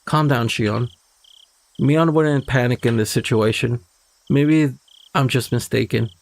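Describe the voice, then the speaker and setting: A man's voice: mid-range voice, measured pace, vocal fry. A man reading as a tense teenage girl talking herself down. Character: panicked teenage girl sneaking through a school.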